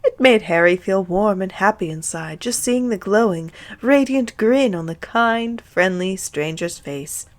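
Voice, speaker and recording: A woman's voice: medium pitch, lively intonation, a little slow, hardly any pauses. A young woman giving a comic, mock-earnest reading of fanfiction, breaking off for swearing asides. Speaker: reader of fanfiction.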